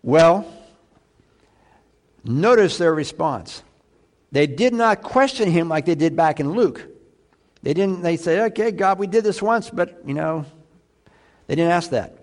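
Male pastor, fairly high voice, sermon, chatty, questions to the congregation, loud then hushed. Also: expressive, takes it slowly, pauses often. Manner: conversational preaching with rhetorical questions to the congregation; swings between loud emphatic lines and quiet low asides.

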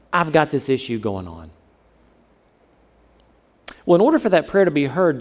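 In a fairly high-pitched, slightly mellow voice, a Southern American pastor gives a sermon that feels like a conversation. He regularly asks his listeners questions as he goes.

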